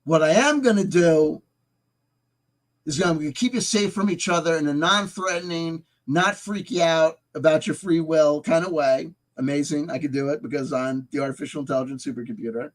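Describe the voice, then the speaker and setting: A man voicing a calm, all-powerful AI supercomputer that speaks in slow, soothing, condescending reassurance. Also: on the high side, voice pushed down, close to an everyday voice, low-quality recording.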